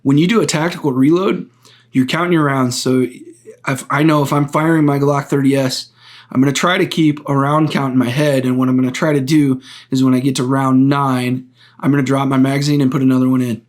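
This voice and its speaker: A man hosting his own podcast, talking through a topic on his own in an earnest, deliberate way, often stopping to restart a phrase and explain step by step. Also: mid-range voice, level tone. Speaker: podcast host. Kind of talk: solo political commentary.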